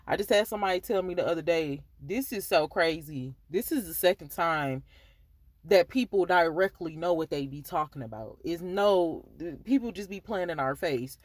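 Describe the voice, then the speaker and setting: A woman's voice: sits low, no room sound. Woman doing a chatty advice podcast for guys, dry close mic, keeps saying you feel me. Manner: candid and conversational, full of asides like "you feel me". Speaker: podcast host giving dating advice to men. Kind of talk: casual advice talk.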